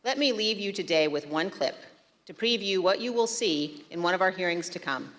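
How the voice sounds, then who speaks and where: A woman on a committee giving a formal closing statement, measured, with some hesitant fillers. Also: lowish voice, animated, a bit bright, long reverb tail. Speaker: committee member.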